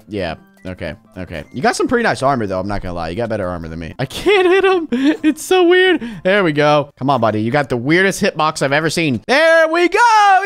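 Excitable young man gaming, lively pitch. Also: clean tone. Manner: excitable, shouts and laughs, big swings between mumbling and yelling. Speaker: gaming YouTuber. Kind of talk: excited gameplay commentary.

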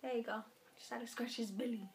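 Young woman vlogger, high voice, chatty and playful, baby talk with her dog. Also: fairly even intonation, quick pace, a little mellow. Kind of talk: casual chat to camera.

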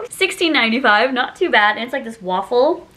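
A woman's voice: a little high, sing-song, normal speed, sharp tone. Bubbly, chatty young woman vlogger. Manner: bubbly, chatty, giggly, self-mocking. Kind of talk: casual haul chat.

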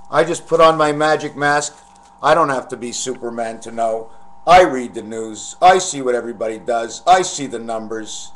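A man's voice: medium pitch, fairly bright tone. A man talking to his webcam from the den of his house, ranting in an agitated, preachy way about numbers and the end of the world. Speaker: webcam vlogger. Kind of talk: rambling monologue to camera. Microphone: webcam mic.

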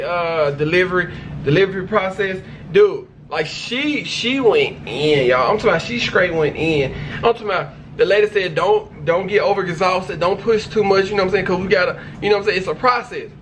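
High-voiced man gushing to his viewers. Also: a bit bright, slight background noise. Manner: effusive, repeats himself, slangy, keeps addressing viewers. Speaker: reaction video host. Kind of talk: casual reaction commentary.

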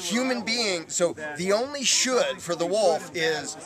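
A man's voice: high voice, expressive, unhurried. A man pressing his point insistently in a heated debate at an outdoor festival. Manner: insistent, challenging. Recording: outdoor crowd chatter behind.

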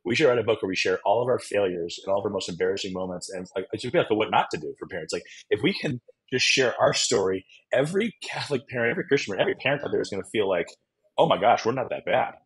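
Middle-aged male guest, raspy tone, animated and self-mocking storyteller. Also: fairly low pitch, very fast, hardly any pauses, rough recording. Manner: self-deprecating, joking. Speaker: guest author.

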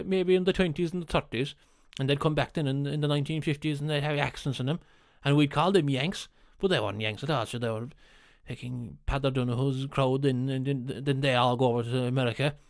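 An Irish man tells long, earthy stories with plenty of swearing. His voice sits a bit high and sounds close and dry, with no room around it. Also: no echo. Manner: earthy, swearing, rambling anecdotes. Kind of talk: casual storytelling chat.

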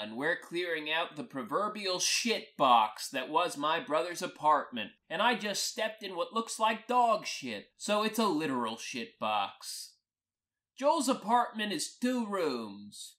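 A woman telling a crude, wry first-person comic story in a deadpan way. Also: low-pitched. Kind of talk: first-person comic monologue over music. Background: acoustic guitar music.

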